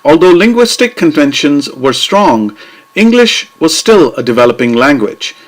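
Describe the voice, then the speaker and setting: A man giving scripted educational narration, reading in a measured, deliberate way and tapping out rhythms with clear emphasis. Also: medium pitch.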